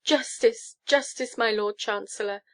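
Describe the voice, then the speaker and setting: A woman's voice: medium pitch, moderate pace, close to an everyday voice. A woman reading a storybook, voicing a pushy, clinging old countess who shrieks and gushes. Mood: shrieking. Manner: shrieking, gushing and pleading.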